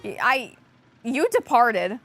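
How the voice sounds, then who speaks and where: A woman co-hosting a livestream, excitable and self-mocking as she plays a racing game and chats with her viewers. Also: on the high side, very slow, faint music behind. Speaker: livestream co-host playing a kart racing game. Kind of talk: casual livestream banter.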